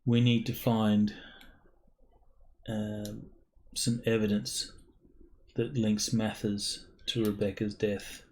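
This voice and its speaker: A plain-spoken, businesslike male consultant from a tabletop role-play session, put on by a man. He talks in a low-pitched, unhurried voice and keeps pausing on fillers. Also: little pitch movement, a little mellow. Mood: matter-of-fact. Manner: halting, measured delivery with fillers. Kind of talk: in-character dialogue in an online tabletop game.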